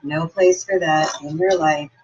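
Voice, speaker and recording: A woman's voice: deep voice, steady tone, measured pace, darkish tone, husky, lo-fi sound. A woman giving an upbeat, encouraging motivational talk and telling personal stories. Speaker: motivational speaker.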